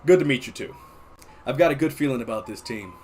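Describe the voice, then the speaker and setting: A man's voice: medium pitch, animated, quick pace, a little mellow, faint music behind, natural voice. A man voicing a big, friendly young male superhero who talks in a laid-back, easygoing way.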